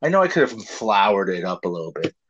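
A man's voice: low-pitched, very animated, fast talker, a bit bright, breathy edge. A man in casual chat, laid-back and joking. His voice rises and falls freely. The recording sounds dull and muffled.

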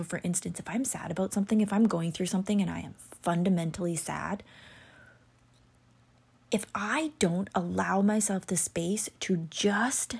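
A woman chatting casually about astrology, rambling and full of "like" and "you know", sometimes dropping into soft whispery asides. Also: lowish voice, creaky, breathy edge. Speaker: astrology content creator. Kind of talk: casual chat.

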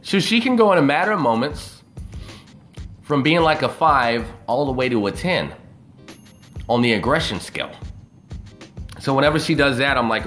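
A man's voice: mid-range voice, lively intonation, normal speed, long pauses, fairly bright tone, faint music behind. A man talking casually on a live video, rambling and swearing freely as he tells a story. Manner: profane, loose and rambling.

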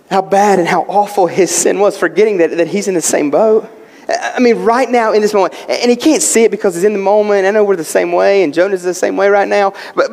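A man with a high voice preaches in a church sanctuary, building passion and repeating his words. He keeps asking rhetorical questions. His voice rings with the long reverb of a large hall. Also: darkish tone. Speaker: pastor. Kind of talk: sermon.

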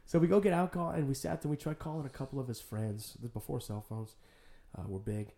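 A man from San Jose, a podcast guest, telling personal stories in casual, animated talk with plenty of swearing. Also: medium pitch, fast talker, gravelly. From San Jose, California. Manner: animated, swears freely, storytelling. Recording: roomy echo.

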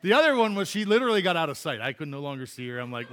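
A man preaching in church, telling a personal story in a loose, chatty way and laughing at himself. His voice is bright and forward, sitting a little above the usual male pitch. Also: very animated, very fast, few pauses. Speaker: pastor.

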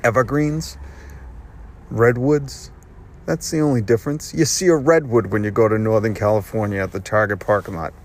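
A man's voice: on the low side, fairly even intonation, moderate pace. A man hosting his own podcast, delivering a rambling, sarcastic and profane solo rant. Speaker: podcast host. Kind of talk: ranting monologue.

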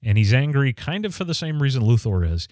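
A man's voice: medium pitch, very animated, brisk, a little mellow, no room sound, clean studio sound. A man hosting a podcast, recapping a comic story in a casual, conversational way with frequent ums and restarts. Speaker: podcast host reviewing comics. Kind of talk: casual spoken review.

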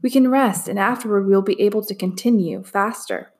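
Woman doing a quiet, gentle father. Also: mid-range voice, fairly quick, close to an everyday voice. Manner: quiet, soft-spoken, calm.

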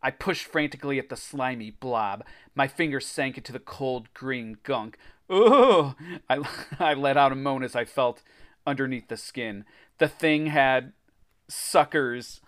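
A man's voice: medium pitch, fairly even intonation, unhurried, fairly bright tone. A man hosting a podcast, reading a children's horror story aloud and breaking off for laughing, swearing asides. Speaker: podcast host.

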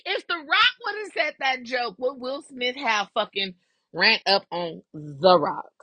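Animated, cussing woman podcast host. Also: on the high side, a little slow, dry recording. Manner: animated, profane, laughing often. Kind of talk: casual gossip commentary.

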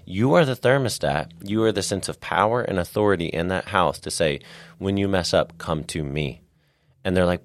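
Brief: deep-voiced male podcast co-host, earnest, emphatic, close dry mic. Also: fairly quick, no room sound. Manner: earnest, animated storytelling with repeated emphasis. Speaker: podcast co-host, gym owner. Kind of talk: casual faith talk.

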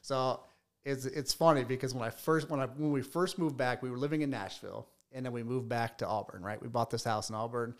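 Regular guy beekeeper rambling on a podcast, keeps restarting his sentences, middle pitch. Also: fairly even intonation, fairly quick. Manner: chatty storyteller, repeats words while restarting. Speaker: beekeeper and bee business owner. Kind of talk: casual podcast interview.

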